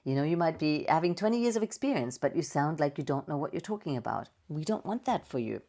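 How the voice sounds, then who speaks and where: A woman voice coach giving a playful, expressive presentation with slides and vocal demonstrations. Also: low voice, fast talker. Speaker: voice and speaking coach.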